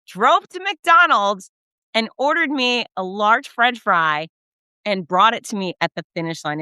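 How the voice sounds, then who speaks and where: A middle-aged woman, a race announcer, telling effusive, animated stories in a casual recap and acting out the quotes. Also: mid-range voice, dry recording. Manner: effusive, animated storyteller who acts out quotes. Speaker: race announcer and podcast host.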